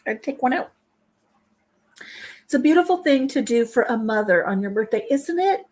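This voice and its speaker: A woman's voice: on the high side, expressive, normal speed, darkish tone. A middle-aged woman hosting a casual home kitchen vlog, talking through tears as she shares memories. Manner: tearful, speaks through crying. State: crying. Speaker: vlog host. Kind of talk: casual chat while baking.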